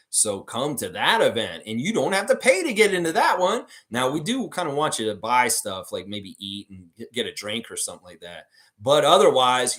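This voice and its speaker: A man from Canada, hosting a fan livestream, chatting casually and bluntly with heavy swearing while reading viewer comments. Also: medium pitch. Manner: animated, blunt and profane. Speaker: host of a basketball fan livestream. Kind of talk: casual live-stream chat reading comments.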